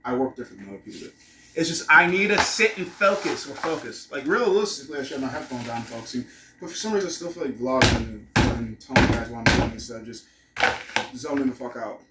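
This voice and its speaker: A man's voice: mid-range voice, lively intonation, fast, echoey room, far from the mic, very noisy. A man vlogging casually at home, rambling and cursing as he muses aloud. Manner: rambling, profane, musing aloud. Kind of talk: casual vlog monologue. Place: room at home.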